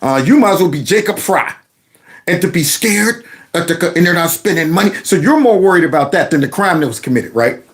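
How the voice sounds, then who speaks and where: A man hosting a political commentary vlog, talking in an animated, mocking, folksy way. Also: sits high, a little fast. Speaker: commentary channel host.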